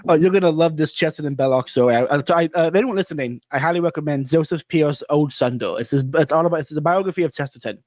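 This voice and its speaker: A man's voice: on the high side, quick pace, few pauses, a little mellow, no room sound. A man hosting a podcast, telling stories animatedly and laughing often in casual conversation. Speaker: podcast host.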